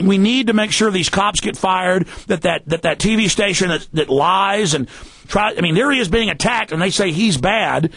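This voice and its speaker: Ranting on talk radio, this male host hammers his points in a high-pitched, gravelly, husky voice and at times breaks into a shout. He is miked close, with a dry sound and no echo.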